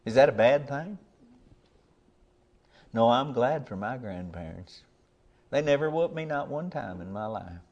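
Older guy preaching, folksy plain talk, earnest, gets loud on the big points. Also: medium pitch, expressive, a little slow, long pauses, lo-fi sound. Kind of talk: sermon.

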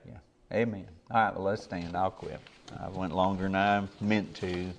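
A man's voice: deep voice, fairly even intonation, normal speed, creaky, slight background noise. An older man, a preacher giving a sermon in a folksy, plainspoken way, earnest and building to emphatic peaks.

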